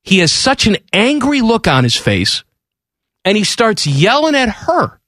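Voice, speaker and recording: A male radio host telling a story in a lively, emphatic, exasperated way in a studio. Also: sits high, measured pace, no room sound. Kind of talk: animated storytelling on talk radio.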